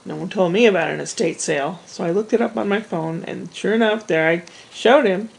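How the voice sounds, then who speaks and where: Woman, vlogger, casual storytelling, chatty and rambling, gravelly voice. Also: lowish voice, a little fast, rough recording. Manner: rambling, chatty, with frequent restarts and asides.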